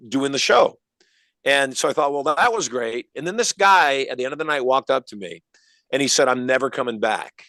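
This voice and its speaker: An older man, a hypnotist guest in an interview, telling stories with energetic emphasis. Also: medium pitch, no room sound. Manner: energetic, emphatic, acts out quoted voices. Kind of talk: animated storytelling interview.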